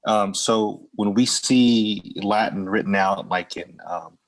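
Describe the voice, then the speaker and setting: A man in an online class asks a quick question in a casual, somewhat hesitant way. His voice is very low. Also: poor audio. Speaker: student asking a question.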